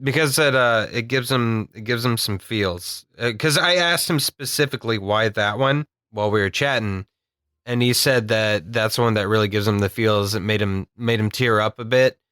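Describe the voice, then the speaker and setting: Male podcast co-host, rambling and jokey, bright tone, dry close recording. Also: on the low side, normal speed, clean tone, dry recording. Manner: jokey, rambling, laughs often. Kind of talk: casual chat.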